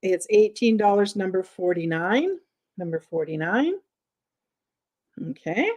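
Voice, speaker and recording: A woman's voice: medium pitch, expressive, measured pace, a little mellow. A middle-aged woman hosting a live vintage sale, chatting with viewers and calling out prices and lot numbers. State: has the hiccups.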